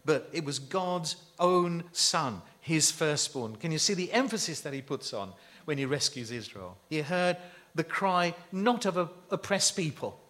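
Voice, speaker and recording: A man's voice: fairly high pitch, expressive, a little slow, few pauses, a bit bright. A man preaching a sermon, emphatic and full of rhetorical questions to his listeners.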